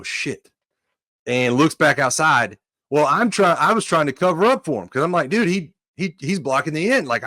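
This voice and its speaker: Speaking in a mid-range voice with studio-quality sound and no room tone, a man who used to play offensive line in college tells stories on a relaxed sports podcast. He's lively, performs the quotes, and says "dude" a lot.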